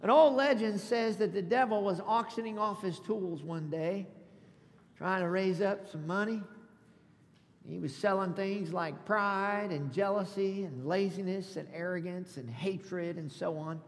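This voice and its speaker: A man with a notably high voice delivers a sermon as pastor. He speaks emphatically and keeps drawing the congregation into call-and-response. His voice rings out with a long reverb trailing behind it. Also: unhurried. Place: church sanctuary. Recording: reverberant hall.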